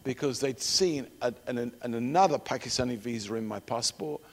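A middle-aged man preaching a sermon and telling personal stories, shifting from loud emphatic declarations to hushed storytelling. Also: medium pitch, moderate pace, a little hiss or hum. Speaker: preacher and missionary trainer. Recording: long hall reverb.

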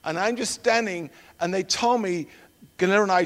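A middle-aged man preaching a sermon and telling personal stories, shifting from loud emphatic declarations to hushed storytelling. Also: high voice, normal speed. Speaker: preacher and missionary trainer. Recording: long hall reverb.

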